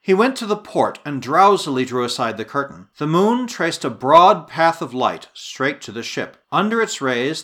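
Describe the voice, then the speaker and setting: Guy reading an old adventure story out loud, lively up and down voice, dramatic. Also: a little high. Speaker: audiobook narrator. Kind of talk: scripted narration.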